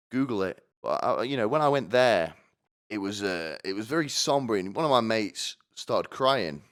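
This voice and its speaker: A man with a deep voice and clean tone goes on a solo stand-up style rant over a live stream. He rambles provocatively, swears, drifts into asides, and keeps checking "right?"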